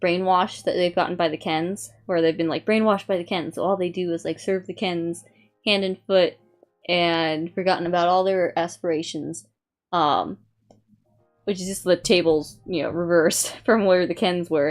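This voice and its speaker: A woman's voice: lowish voice, steady tone, moderate pace, faint music behind. A young woman streamer in casual chat, rambling with many fillers and reading aloud from a review. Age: young adult.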